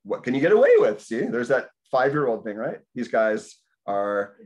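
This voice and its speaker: The speaker, a health practitioner in his fifties, talks at a normal pace during a community dinner indoors. Rambling and relaxed, he animates his stories by acting out what he was thinking in a higher-pitched voice.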